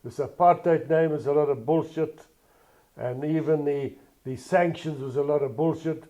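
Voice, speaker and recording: A man's voice: a little high, steady tone, moderate pace, warm tone, highs cut off. An older man from South Africa telling his life story in an oral history interview, plainspoken and digressive.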